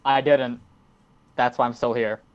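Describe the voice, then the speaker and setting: A man's voice: medium pitch, little pitch movement, measured pace, clean tone, highs cut off. A teenage man, co-hosting a casual podcast, blunt and joking with lots of swearing. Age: teens. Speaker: podcast co-host. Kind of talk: casual chat.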